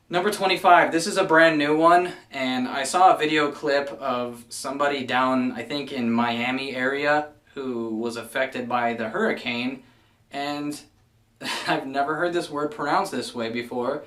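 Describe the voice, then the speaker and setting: A chatty, wry man with a slightly high voice, talking casually to his viewers. He sits back from the mic, and the room adds a noticeable echo. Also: normal speed, a bit bright. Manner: chatty, wry, fond of mild exasperation. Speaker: vlogger. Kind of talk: casual list video. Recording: echoey room, somewhat far from mic.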